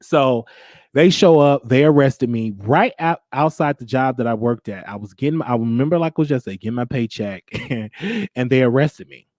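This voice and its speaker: A man's voice: mid-range voice, a little mellow, no echo. Candid man telling his story, dry sound. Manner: candid, halting, with frequent restarts. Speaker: show host. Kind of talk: personal storytelling.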